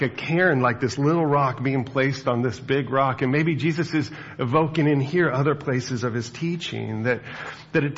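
A man's voice: medium pitch, fairly bright tone, husky, highs cut off. A man preaching a sermon as pastor, in a conversational way with fillers and friendly asides.

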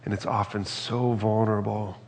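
A male pastor preaches in an earnest, reflective way, with a low, gravelly voice. His words ring out with a long reverb, as if he were in a large hall. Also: flat delivery, normal speed. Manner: earnest, reflective, reads scripture aloud. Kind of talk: sermon.

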